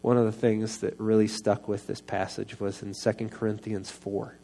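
A middle-aged man preaching a personal testimony sermon into a microphone, earnest and confessional, often soft-spoken. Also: fairly low pitch, level tone, normal speed.

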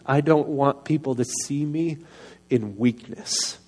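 A man's voice: on the high side, slow, slight background noise. Earnest man telling a personal story. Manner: earnest and confessional, soft-spoken, rising to raised voice. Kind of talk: personal testimony sermon. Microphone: microphone.

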